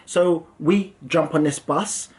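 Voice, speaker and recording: An English man in his young adult years, telling a story for his vlog in a lively, self-mocking way. His voice sits a little higher than most men's. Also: slow pace. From England. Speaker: property investor and channel host.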